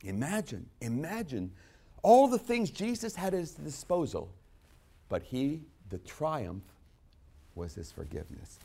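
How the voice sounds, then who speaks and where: A male pastor preaching a sermon, moving from quiet, low asides up to loud, shouted peaks. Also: very animated, unhurried, gravelly, slightly rough.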